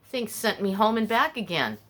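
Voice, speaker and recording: A woman's voice: mid-range voice, sing-song, moderate pace, fairly bright tone. An older woman hosting a casual podcast, rambling and candid as she tells stories and confides her feelings. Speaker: podcast host. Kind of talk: casual personal chat.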